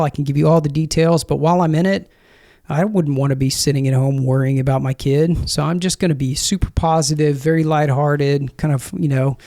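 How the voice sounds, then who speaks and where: A man in his thirties, a former Marine, speaking as a podcast guest in an earnest, reflective way, with frequent pauses and restarts. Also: fairly high pitch, creaky, a little mellow. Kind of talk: conversational interview storytelling.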